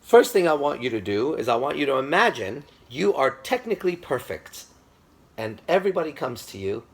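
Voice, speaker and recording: A man teaching through storytelling, animated and speaking straight to his listeners, with a gravelly, husky voice. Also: mid-range voice, fairly quick. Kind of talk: storytelling lecture.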